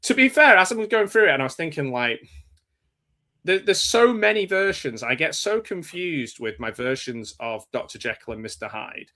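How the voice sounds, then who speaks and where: Bright-voiced English man, rambling. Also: a little high, very animated, normal speed. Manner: rambling, hesitant, with many fillers and restarts. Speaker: show host. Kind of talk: casual live chat about films.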